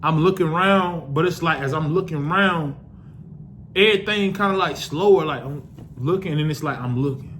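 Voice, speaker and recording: A young man spinning a casual storytime monologue, his voice sitting a little high for a man. He talks loosely and profanely, circling back with restarts. Faint room ambience hangs behind him. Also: moderate pace, fairly bright tone, slight background noise. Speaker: vlogger telling a personal story.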